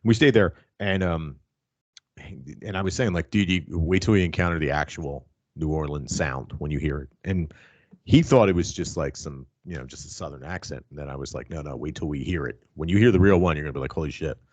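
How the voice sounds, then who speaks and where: A man's voice: very deep voice, brisk, a little mellow, no echo, dull audio. A man hosting a casual wrestling podcast, telling stories with a lot of swearing and laughter. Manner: profane, laughing, storytelling. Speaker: podcast host.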